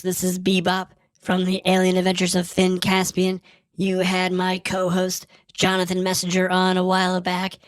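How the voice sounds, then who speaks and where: A man's voice: high-pitched, a bit bright, smooth, dry recording, studio quality, distant mic. A man voicing a snarky, boastful robot podcast co-host through a robot voice filter, with a sarcastic, jealous, teasing delivery in a radio-style sketch.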